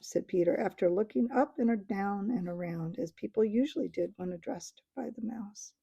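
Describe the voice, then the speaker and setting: A woman reads a children's story aloud with expressive delivery. Her voice is mellow and dark, with a gravelly, slightly husky texture. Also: medium pitch, normal speed, few pauses, dry recording. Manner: expressive, varied voices for characters. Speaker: audiobook reader.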